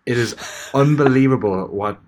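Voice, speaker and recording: A man's voice: medium pitch, moderate pace, a little mellow. A man with an Irish accent co-hosting a podcast, chatting casually with rambling, profane, comic rants. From Ireland. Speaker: podcast co-host. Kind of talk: casual chat.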